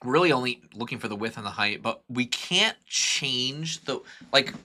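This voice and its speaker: A young man thinks out loud through a live-stream tutorial, his voice bright and forceful. He rambles and corrects himself constantly, full of fillers, and gets excited as he works. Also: medium pitch, normal speed. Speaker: streamer teaching 3D modeling.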